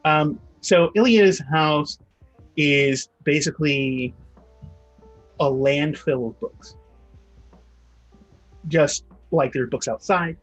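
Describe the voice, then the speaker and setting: A man running a tabletop game as game master. He describes scenes loosely, full of fillers and restarts. His voice is slightly husky. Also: a little high, slow, pauses often, muffled recording, faint music behind.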